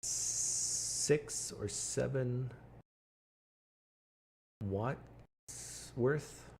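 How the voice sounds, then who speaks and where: A man's voice: medium pitch, drawn-out words, creaky, darkish tone, slight background noise. A man hosting a livestream from home, chatting casually and answering viewers' comments aloud. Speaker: livestream host. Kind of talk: casual live chat with viewers.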